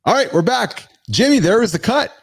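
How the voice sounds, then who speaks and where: A man co-hosting a podcast in casual chat, excitable and jokey, laughing often. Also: high voice, moderate pace, creaky, breathy edge. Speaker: podcast co-host.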